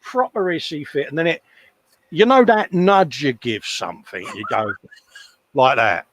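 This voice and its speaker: An older man co-hosts a casual livestream from his home workshop, chatting at his workbench, laughing often and reading viewer comments aloud. His voice is fairly high, sing-song and fairly bright, his pace unhurried, with slight background noise.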